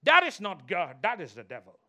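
Man, pastor, animated sermon, high-pitched voice, bright and forceful tone. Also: fairly quick. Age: adult. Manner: animated preaching, mimics voices and sings snatches.

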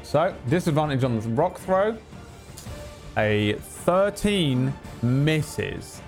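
A man's voice: fairly high pitch, sing-song, extremely slow, music in the background. A man narrating as game master, vivid and dryly teasing toward the players.

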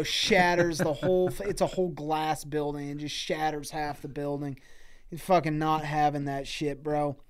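A man's voice: fairly high pitch, clean tone. A man on a comedy podcast telling an improvised, profane story in loose slang. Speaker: podcast co-host.

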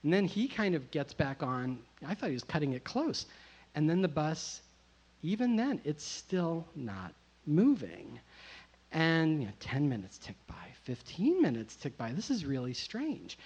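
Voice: mid-range voice, sing-song, measured pace, darkish tone, husky. An adult storyteller telling a personal tale, rambling and self-mocking, full of "you know" and "like". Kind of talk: live first-person storytelling. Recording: muffled lo-fi recording.

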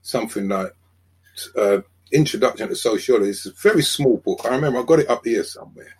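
An older man with a South London accent, a sociologist guest on a podcast, telling lively stories and acting out quoted dialogue. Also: medium pitch, fast, breathy edge. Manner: animated storyteller, acts out quoted dialogue. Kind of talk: conversational podcast interview.

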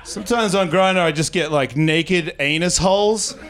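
An Australian comic rambles and swears through a stand-up set, bantering with the audience at a comedy club as they laugh throughout. He speaks at a moderate pace in a high-pitched voice, with background noise in the recording.

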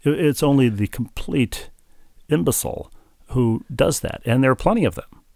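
A man's voice: medium pitch, animated, normal speed, creaky, darkish tone, no echo, clean studio sound. A man co-hosting a podcast in casual chat, with wry, sardonic banter. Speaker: podcast co-host.

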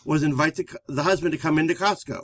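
Guy therapist co-hosting an advice show, kinda high voice, dry close sound, explains stuff calmly to listeners. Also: fast talker, husky, no room sound. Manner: steady, explanatory, addresses listeners directly. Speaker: therapist and co-host. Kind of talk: conversational relationship advice show.

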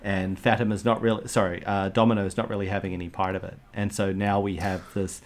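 A man chatting casually about a film, animated and swearing, sometimes quoting lines in put-on voices. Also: lowish voice, fairly quick. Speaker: film podcast co-host. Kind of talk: casual chat.

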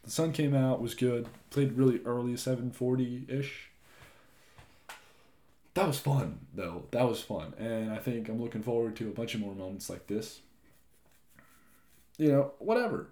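A young man hosting his own podcast, chatting loosely and rambling, with frequent swearing and lively asides. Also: medium pitch, unhurried, pauses often. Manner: rambling, profane, animated asides. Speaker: podcast host. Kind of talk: casual solo podcast chat.

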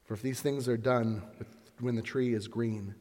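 A man voicing a sorrowful grown man who speaks in a soft, low, solemn way. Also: moderate pace, long reverb tail, natural voice.

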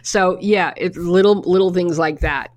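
A middle-aged woman with a fairly low voice talks in a loose, chatty way. She keeps restarting her sentences and drops in the occasional curse. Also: measured pace. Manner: chatty storyteller with frequent restarts and swearing. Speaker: podcast co-host. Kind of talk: casual chat.

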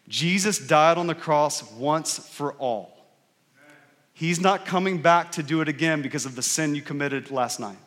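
A man's voice: a little high, fairly bright tone. A man in his thirties, a pastor giving a conversational sermon and often checking in with the congregation. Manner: conversational preaching, often asks the crowd "right?". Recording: long hall reverb.

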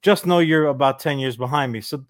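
A man's voice: medium pitch, a little fast, no room sound. A middle-aged man co-hosting a podcast, riffing and joking in casual chat over a remote call. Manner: joking, riffing with silly voices. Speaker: podcast co-host.

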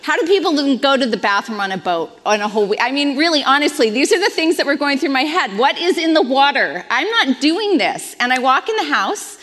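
A woman in her fifties, a pastor on staff, giving a sermon with animated, self-deprecating storytelling. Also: high voice, fast talker, few pauses, long reverb tail. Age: 50s.

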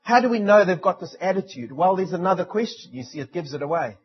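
A man preaching a sermon, rising into loud declarations and dropping to quiet, intense lines. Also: sits high, lively intonation, quick pace, husky. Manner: dramatic preaching with sudden drops to near-quiet. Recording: dull lo-fi sound.

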